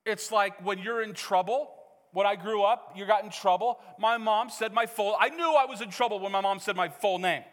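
A man's voice: high voice, moderate pace. A middle-aged man preaching a sermon as pastor, conversational and joking with the congregation. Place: church hall. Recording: reverberant church hall.

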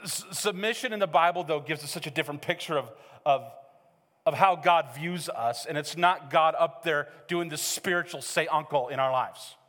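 A middle-aged male pastor preaching a sermon in a church, animated and joking, acting out quotes as he tells stories. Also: a little high, moderate pace. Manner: animated, joking storyteller who acts out quotes. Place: church sanctuary. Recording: hall reverb.

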